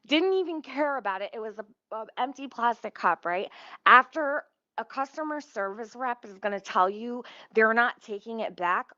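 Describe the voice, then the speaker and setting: A woman's voice: mid-range voice, fairly bright tone, dry recording. Profane ranting woman, dull dry recording. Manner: profane, fast, indignant storytelling with lots of fillers. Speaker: vlogger telling a story. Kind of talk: casual storytime rant.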